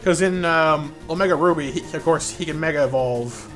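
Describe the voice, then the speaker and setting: Fast-talking man who stutters. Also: a little high, soft background music. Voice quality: stutters and repeats words. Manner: fast, excitable, reads chat aloud; laughs often and playful. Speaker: live streamer. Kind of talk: casual live-stream chat.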